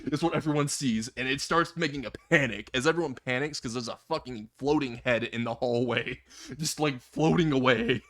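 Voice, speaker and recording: A man's voice: medium pitch, fairly bright tone. A man telling a comedic fan-fiction story in a casual way, laughing at his own jokes and swearing freely.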